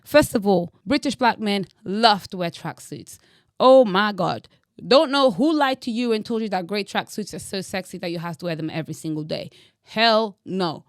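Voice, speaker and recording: Young woman from angola vlogging her hot takes, teasing and dramatic, mid pitch, dry close sound. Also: normal speed, no echo. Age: young adult. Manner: bold, teasing, dramatic emphasis. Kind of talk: opinionated direct-to-camera monologue.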